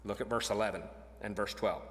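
A man preaching an expository sermon, animated and emphatic, pushing his voice up to stress points. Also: lowish voice, a little fast. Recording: long hall reverb.

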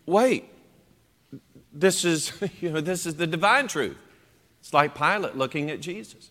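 A man preaching a sermon in an animated, emphatic way, acting out quoted voices as he goes. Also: high-pitched, normal speed. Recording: long hall reverb.

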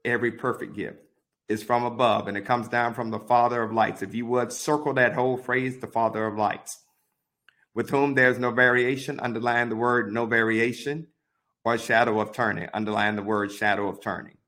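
A man teaching a Bible study, reading verses aloud and pausing to give deliberate, repeated marking instructions. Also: mid-range voice, flat delivery, a bit bright. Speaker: pastor.

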